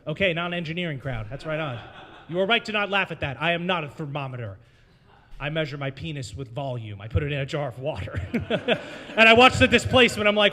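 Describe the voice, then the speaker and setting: High, bright-voiced rambling comedy host. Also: male voice, lively intonation, quick pace. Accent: American. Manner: rambling, crowd-working, self-mocking. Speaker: open mic host and comedian. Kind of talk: stand-up comedy set. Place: brewery taproom.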